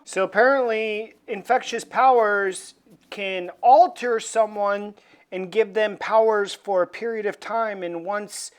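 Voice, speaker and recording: A woman's voice: mid-range voice, steady tone, unhurried. A woman casually recapping a comic issue in an irreverent, joking way, with plenty of "uh" fillers. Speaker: comic book reviewer.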